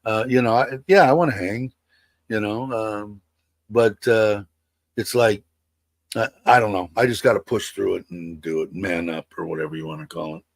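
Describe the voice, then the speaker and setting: A man's voice: on the low side, fairly even intonation, normal speed, no room sound. A man in his sixties chatting casually on a livestream, rambling with many fillers and restarts. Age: 60s. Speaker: livestream host. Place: home in Thailand.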